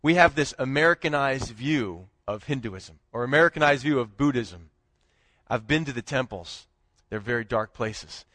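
A man preaching a sermon as pastor, swinging between loud emphatic lines and low hushed ones. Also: animated, moderate pace, dry recording. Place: church.

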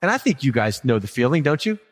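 A man's voice: mid-range voice, big pitch swings, quick pace, in a large hall. A man preaching a sermon as pastor, conversational and humorous, asking the congregation questions.

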